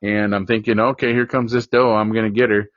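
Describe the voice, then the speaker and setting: A man hosting a casual podcast chat, telling a hunting story in a lively way and acting out the voices of people in it. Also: fairly low pitch, brisk, no room sound. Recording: dull, dry lo-fi sound.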